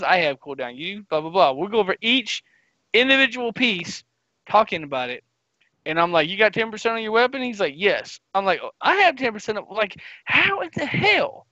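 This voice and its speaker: A man's voice: high-pitched, pushed and bright, no echo, dull audio. A man co-hosting a gaming podcast, telling a long story in casual chat and acting out his friends' lines. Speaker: podcast co-host.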